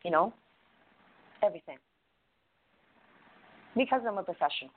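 A woman's voice: lowish voice, expressive, moderate pace. Blunt, foul-mouthed woman on a phone line. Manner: blunt, profane, rambling storytelling. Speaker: podcast co-host. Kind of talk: casual podcast chat. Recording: tinny phone-line call-in audio.

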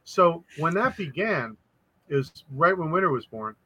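A man, a podcast guest, telling a spooky personal story in a casual, animated way, acting out the voices of people in it. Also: on the high side, measured pace, slightly rough, poor audio. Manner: animated, acts out quoted voices.

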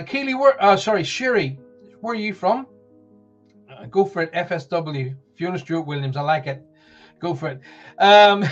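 Man, soft Northern Irish accent, rambling live-show host, fairly high voice, dull lo-fi sound, faint music behind. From Northern Ireland. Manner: chatty, rambling, reads messages aloud with put-on voices.

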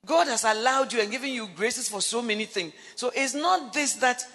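A high-pitched woman preaches in a church hall, telling stories in an animated way and building to emphatic declarations. Her voice is bright and sharp, and it carries a long reverb through the hall. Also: normal speed. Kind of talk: sermon with personal anecdote.

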